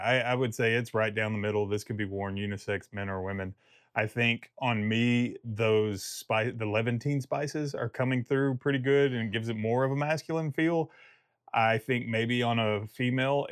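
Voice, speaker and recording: A man's voice: mid-range voice, dry recording, clean studio sound. A man giving a casual video review of a fragrance, rambling and joking and often breaking off mid-thought. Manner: rambling, self-interrupting, jokey.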